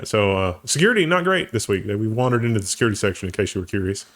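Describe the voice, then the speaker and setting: A man's voice: fairly low pitch, big pitch swings, very fast, hardly any pauses, fairly bright tone. A man co-hosting a casual tech news show, joking, laughing often and slipping into silly voices.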